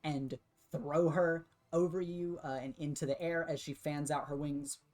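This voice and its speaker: A woman narrating a tabletop game as game master, relaxed and giggly, with many fillers. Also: deep voice, a little slow.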